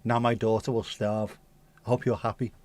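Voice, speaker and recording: A man's voice: mid-range voice, flat delivery, normal speed, darkish tone. A man hosting a casual livestream, chatting with viewers in a jokey, teasing, rambling way. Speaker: livestream host.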